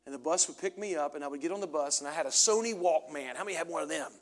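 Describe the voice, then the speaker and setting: High-voiced man preaching a sermon. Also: racing. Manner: swings from loud preaching to low confessional storytelling. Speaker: pastor. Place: church sanctuary.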